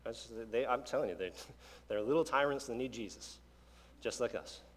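A man's voice: mid-range voice, normal speed, big-room sound. A man preaching a sermon in a conversational, emphatic way, with asides and restarts. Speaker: pastor.

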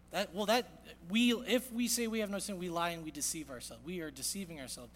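High-voiced pastor preaching in a reverberant hall. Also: male voice, a little fast, few pauses. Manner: earnest, swings from loud emphasis to hushed quiet. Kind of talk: sermon. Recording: long reverb of a large hall.

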